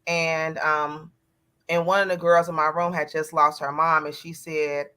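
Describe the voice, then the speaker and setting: Middle-aged woman guest, bright, candid and reflective, talk-show panelist telling a personal story. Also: low voice, flat delivery, measured pace, clean tone.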